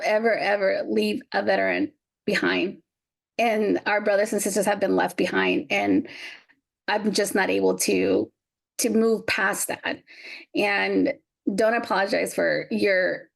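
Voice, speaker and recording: A woman from Mexico speaks as a podcast guest, earnest and resolute. Her voice is heavily gravelly with a lot of fry. Her pitch sits in an ordinary middle range. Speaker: guest, veterans' advocate. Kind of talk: podcast interview.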